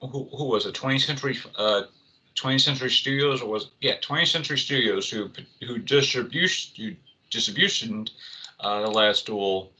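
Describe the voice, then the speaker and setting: A man's voice: medium pitch, normal speed, pushed and bright, rough recording. A man co-hosting an entertainment podcast, talking casually with lots of restarts and fillers. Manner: rambling, many restarts and fillers. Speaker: co-host.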